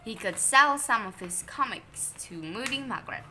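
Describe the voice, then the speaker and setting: A woman reading a children's storybook aloud, slow and expressive. Her voice is bright and on the high side, with lively rises and falls. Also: a little hiss or hum. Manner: expressive, unhurried read-aloud.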